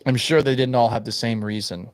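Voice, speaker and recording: A male sports radio host with a sore throat, speaking in a subdued, near-monotone way with dry humor in a studio. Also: mid-range voice, brisk, no room sound. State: sore throat, swollen tonsils. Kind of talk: sports talk radio monologue.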